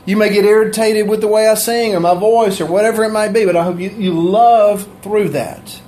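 Folksy preacher guy, higher voice, chatty asides, pitch swings up and down to make a point. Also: steady tone, brisk, warm tone, a little hiss or hum. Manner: folksy, conversational, with asides to people in the room; pitch rises and drops for emphasis. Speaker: pastor. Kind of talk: sermon.

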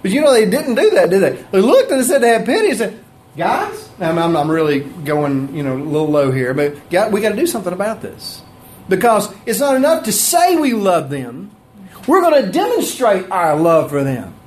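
Folksy preacher guy, higher voice, chatty asides, pitch swings up and down to make a point. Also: sing-song, normal speed, darkish tone. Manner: folksy, conversational, with asides to people in the room; pitch rises and drops for emphasis. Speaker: pastor. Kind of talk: sermon.

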